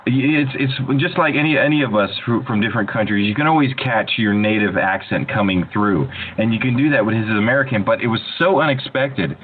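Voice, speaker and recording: A man in casual interview chat, an animated storyteller who often restarts his sentences. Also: fairly low pitch, a little fast, few pauses. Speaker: voice actor guest. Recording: tinny phone-like line with faint hiss.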